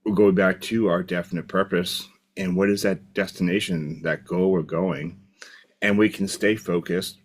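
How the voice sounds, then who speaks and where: A man giving a reflective, unscripted motivational talk as a coach, repeating his key phrases. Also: low voice. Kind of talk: motivational video monologue.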